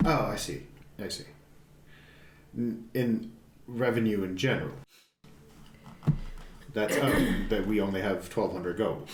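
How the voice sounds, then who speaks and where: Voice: deep voice, slow pace, long pauses, noisy background. A player speaking in character with polite, curious questions. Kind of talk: in-character play. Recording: echoey room with music.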